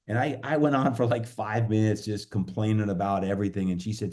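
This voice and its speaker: A man's voice: lowish voice, steady tone, a little fast, few pauses, darkish tone. A man as a podcast guest, recounting a hard personal stretch in an earnest, reflective way, with many fillers and restarts. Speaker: podcast guest, fitness coach. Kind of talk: personal storytelling in conversation.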